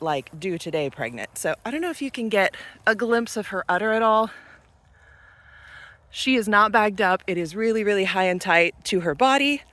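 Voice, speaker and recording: A woman in her thirties or forties talks through her farm chores in a casual vlog. Her pitch swings up and down a lot as she chats. She films on a handheld camera, outdoors and in the barns. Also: fairly bright tone, no room sound. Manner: chatty, talks sweetly to animals. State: out of breath at times. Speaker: farm vlogger. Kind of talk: casual vlog narration while doing chores. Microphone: handheld camera, she films herself.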